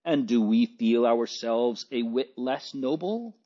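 A man voicing a gentle, anxious young noble girl who pleads softly, in a dull lo-fi recording. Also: medium pitch, slow. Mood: earnest pleading. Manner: pleading, soft.

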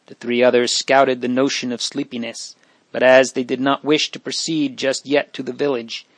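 A man narrating a storybook in a steady, unhurried reading voice. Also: mid-range voice, dry recording. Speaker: audiobook narrator.

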